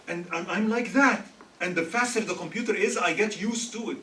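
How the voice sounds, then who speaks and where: Joking and firing questions at his listeners, a man from Egypt delivers a humorous religious talk at a student gathering. His voice is high, fairly quick and sharp in tone. The recording has an echoey hall sound, a far-off mic and faint hiss.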